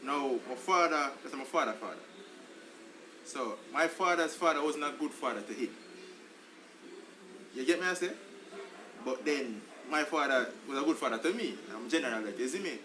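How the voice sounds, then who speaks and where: A man's voice: medium pitch, normal speed, pauses often, noisy background. A Jamaican man co-hosting a podcast, chatting in patois and calling everyone "brother". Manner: animated, lots of "brother", patois. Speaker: podcast co-host. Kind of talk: casual chat.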